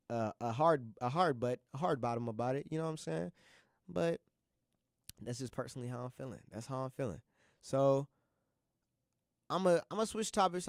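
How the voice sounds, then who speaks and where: A man's voice: medium pitch, no echo, clean studio sound. A young man hosting a college radio show alone, talking casually in a rambling, slangy, heartfelt way and often repeating himself. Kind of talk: casual solo monologue.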